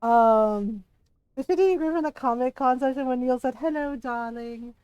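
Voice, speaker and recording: A woman streams a game and chats casually to her viewers. She gushes and laughs a lot, swears freely, and her voice sits a little on the high side. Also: normal speed, clear, resonant tone, no room sound, dull audio. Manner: animated, gushing, laughs often, swears casually.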